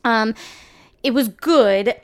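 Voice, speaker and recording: A woman's voice: on the high side, slow pace. Young woman podcast co-host, chatty and giggly, loose casual talk. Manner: chatty, giggly, trailing fillers. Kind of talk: casual chat.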